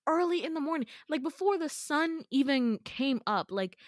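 A woman's voice: sits high, moderate pace, no echo. Chatty woman storyteller, dry sound. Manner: chatty, profane, animated retelling. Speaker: podcast host. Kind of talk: casual storytelling.

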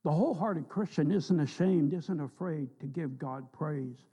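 A man's voice: fairly high pitch, measured pace, warm tone, breathy edge, lo-fi sound. A man preaching a sermon in a church, telling folksy stories and rising with emphasis on scripture. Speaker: pastor. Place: church sanctuary.

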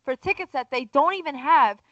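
A woman's voice: high voice, fairly quick, no echo. A woman co-hosting a podcast in casual, wry banter. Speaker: podcast co-host. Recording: dry, dull lo-fi sound.

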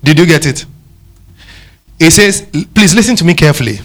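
A man's voice: a little high, animated, brisk, fairly bright tone. A man with a Ghanaian accent preaching a sermon, emphatic, firing questions back at the congregation and switching between English and Twi.

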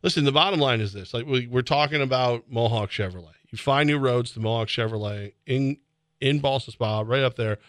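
A man hosting sports radio, talking animatedly with laughs and sudden shouts, reading ads in a studio. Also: medium pitch, fairly quick, no room sound. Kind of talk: casual sports radio banter with live ad reads. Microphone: close studio mic.

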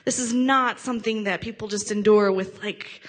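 A woman hosting a Christian prayer video, talking in a casual, earnest way with pauses and restarts. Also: mid-range voice, fairly even intonation. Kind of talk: casual reflective commentary.

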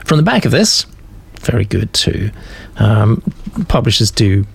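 Husky creaky guy chatting on a podcast, halting, lots of ums. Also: lowish voice, very animated. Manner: halting, with fillers and restarts. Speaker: podcast host. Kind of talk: casual chat.

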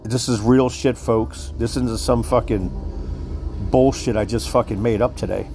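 Worked up and profane, a man delivers a conspiracy monologue to his listeners as a commentator, repeating himself as he goes. His mid-range voice is steady, unhurried, and darkish in tone, over soft background music.

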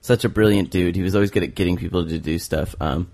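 Relaxed low-voiced man telling a story. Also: fast talker, creaky. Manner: relaxed storyteller with many fillers and restarts. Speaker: podcast co-host. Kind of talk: casual chat.

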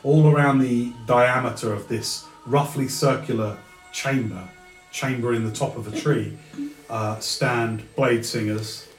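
Male game master for a fantasy tabletop game; slow, descriptive narration in a reverberant room. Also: mid-range voice, steady tone, soft background music. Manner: slow, descriptive, pausing to find words.

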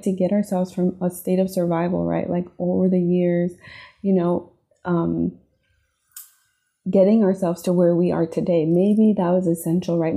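A woman's voice: fairly low pitch, creaky, dark tone. A young adult woman hosting a podcast, talking earnestly and from the heart about healing, with many "right?" and "like" tags. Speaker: podcast host. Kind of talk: reflective personal podcast monologue.

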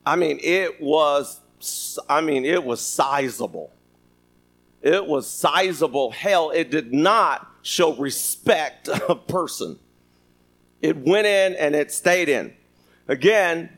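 A man's voice: fairly high pitch, slow, creaky, a bit bright. A man preaching a sermon, reading scripture and joking with the congregation. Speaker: pastor. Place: church sanctuary.

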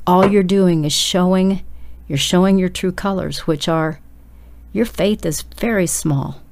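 A woman delivers a sermon in a low, gravelly voice. Her tone is dark and mellow, and she presses every point with urgent, emphatic exhortation aimed straight at her listeners. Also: unhurried. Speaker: preacher.

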